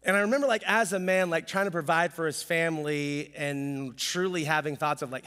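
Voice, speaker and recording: A man in his thirties preaching a casual, animated sermon as pastor, telling self-deprecating stories with jokes. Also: on the high side, a little fast, hardly any pauses, clear, resonant tone, big-room sound. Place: church sanctuary.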